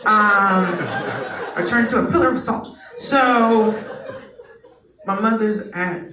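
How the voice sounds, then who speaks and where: A woman's voice: mid-range voice, takes it slowly. Profane woman comic, echoey club. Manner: profane, animated, acts out quoted voices. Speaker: stand-up comedian. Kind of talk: stand-up comedy set. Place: live comedy club stage. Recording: echoey room, distant mic, crowd noise. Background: audience laughter.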